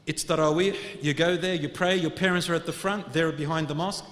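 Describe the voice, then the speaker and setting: An Islamic preacher shares a personal story during a heartfelt sermon, his fairly high, steady voice moving a little fast. He shifts between loud exhortation and quiet, hushed moments, sprinkling in Arabic religious phrases, all echoing through a hall.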